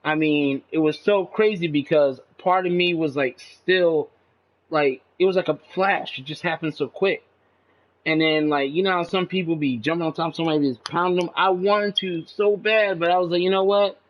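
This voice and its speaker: Speaking at normal speed to his channel, a man rambles casually and profanely, sounding agitated and saying "man" a lot. His pitch jumps when he turns indignant, and the recording is dull and lo-fi.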